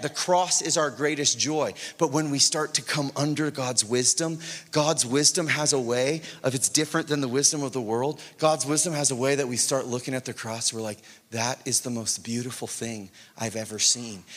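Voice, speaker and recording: A young adult man preaching a sermon, conversational and lively, acting out his own inner voice and dropping to near whispers at times. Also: mid-range voice. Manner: conversational preaching, acts out inner voices, swings loud and soft. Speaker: pastor. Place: church sanctuary. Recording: long hall reverb.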